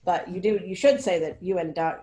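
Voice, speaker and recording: A woman's voice: lowish voice, brisk, mellow, echoey room. A woman mentoring students in a casual meeting on a video call, rambling with many fillers and often checking that they follow. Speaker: research mentor.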